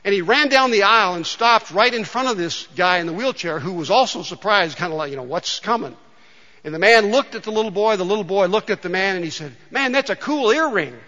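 A male pastor preaching a sermon in a conversational, storytelling way, often dropping soft and quiet. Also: high voice, brisk. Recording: dull sound with long hall reverb.

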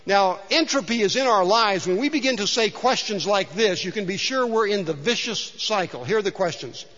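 A man's voice: high-pitched, lively intonation, a little fast, fairly bright tone. A middle-aged man preaching a sermon in a church, conversational and joking, with frequent restarts. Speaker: pastor. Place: church sanctuary. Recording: dull sound in a large reverberant hall.

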